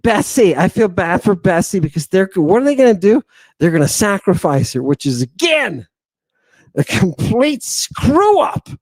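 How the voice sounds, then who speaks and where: A man's voice: very animated, a little mellow, no room sound. A man hosting a talk, lecturing emphatically to his audience and peppering it with rhetorical questions. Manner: emphatic, repeats rhetorical questions like "do you understand" and "right"; drawn-out stresses, swings between low murmurs and raised exclamations. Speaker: podcast host lecturing on ancient texts. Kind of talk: animated lecture to a live audience.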